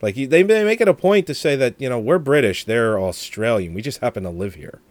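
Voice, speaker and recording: Podcast co-host, man, mid pitch, conversational, acts out quotes, dry recording. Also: animated, brisk, dry recording. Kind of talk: casual movie review chat.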